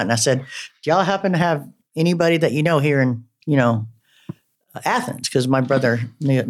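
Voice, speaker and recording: A middle-aged woman, a podcast guest, telling a personal story in a rambling, animated way and acting out her own quotes. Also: extremely low pitch. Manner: rambling, animated retelling with frequent laughs and acted-out quotes.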